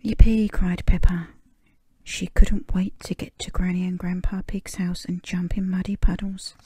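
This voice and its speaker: A woman reading a children's storybook aloud in a breathy whispered role-play, slow and soothing. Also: fairly low pitch, monotone, warm tone, no echo. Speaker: storybook reader.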